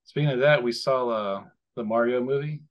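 A man co-hosting a podcast, rambling in casual chat and slipping into animated voices when he quotes people. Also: medium pitch, moderate pace, muffled recording. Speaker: podcast co-host.

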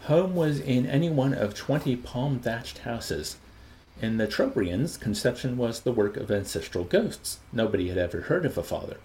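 A man reading a novel aloud with an expressive, animated delivery. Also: mid-range voice, normal speed, a little hiss or hum, low-quality recording. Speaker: audiobook reader. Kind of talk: novel reading with voiced characters.

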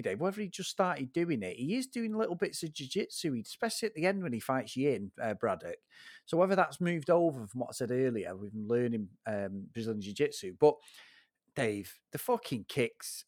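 A man with a fairly high voice that swoops up and down, ranting about a film on a casual podcast. He swears freely and talks with animated disbelief, and the sound is dry and close. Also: dry recording. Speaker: podcast co-host. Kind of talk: casual film review chat.

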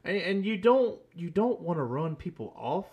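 A man's voice: high voice, big pitch swings, moderate pace, husky, muffled recording. A man in his thirties hosting a casual podcast, laid-back and rambling, laughing at his own jokes. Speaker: podcast host.

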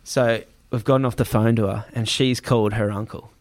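Fast-talking Australian man telling a story. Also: lowish voice, steady tone, darkish tone, no room sound. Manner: rapid, swears freely, acts out quotes. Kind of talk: casual storytelling.

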